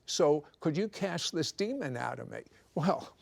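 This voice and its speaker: A man with a gravelly, somewhat high voice tells his life story in a conversational interview. He is animated and slips teasing jokes in between the serious parts. He speaks into a clip-on mic in a studio. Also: normal speed. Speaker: guest telling his testimony. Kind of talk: conversational testimony. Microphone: clip-on microphone.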